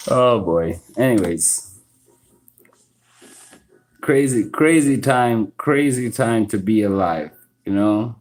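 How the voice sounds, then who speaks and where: Slow-talking man, rambling story. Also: on the low side, lively intonation, darkish tone, poor audio. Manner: rambling, halting restarts, frequent "you know" and "right". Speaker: live stream host. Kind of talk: casual storytelling monologue. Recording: informal live stream audio.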